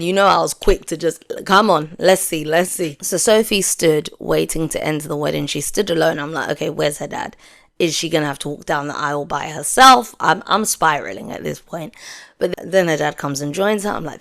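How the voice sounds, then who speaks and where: A woman's voice: low voice, gravelly. A young woman reviewing a reality show in casual chat, acting out her own reactions as she goes.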